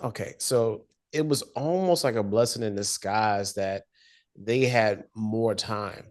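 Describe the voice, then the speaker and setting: Chill guy w a lowish voice on a film podcast, slangy, thinking out loud. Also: a little slow. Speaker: podcast co-host. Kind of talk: casual movie review chat.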